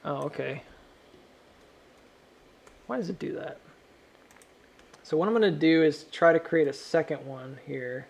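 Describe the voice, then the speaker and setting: A man's voice: on the high side, unhurried, creaky, pauses often, a little hiss or hum. A man giving casual, rambling, self-mocking commentary while drawing lines on stock charts.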